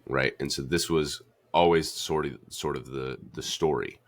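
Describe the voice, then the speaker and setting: A man hosting a podcast, retelling a story in a casual, animated way with lots of "like" fillers. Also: extremely low pitch, normal speed. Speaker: podcast host.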